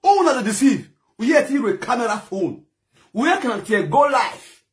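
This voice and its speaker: An extremely high-pitched, sing-song male voice moves at a moderate pace. He's a social media commentator from Edo State with a Nigerian accent, delivering a heated, scolding online rant that switches between pidgin and a local language.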